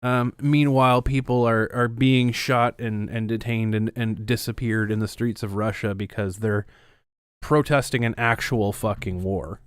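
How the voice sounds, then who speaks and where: A man's voice: lowish voice, steady tone, unhurried, clean tone, no echo, studio quality. A Canadian man co-hosting a casual podcast, ranting sarcastically with frequent swearing and laughter. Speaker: podcast co-host.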